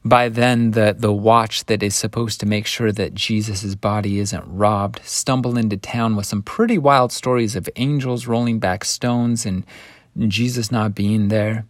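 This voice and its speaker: A man teaching a scripture lesson, retelling the story in an animated way that swings between hushed and lively. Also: lowish voice, unhurried, no echo, clean studio sound.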